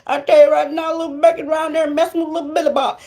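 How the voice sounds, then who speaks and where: A woman's voice: high-pitched, level tone, fast, warm tone, voice pushed up. A woman voicing a disapproving parent who scolds and threatens to disown her daughter. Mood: indignant. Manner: scolding, indignant.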